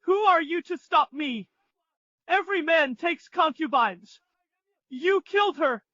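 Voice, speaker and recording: An actor playing an arrogant young husband, indignant and blustering. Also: male voice, very high voice, lively intonation, a little slow, bright, forceful tone, no echo, muffled recording, exaggerated voice. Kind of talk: dubbed drama acting.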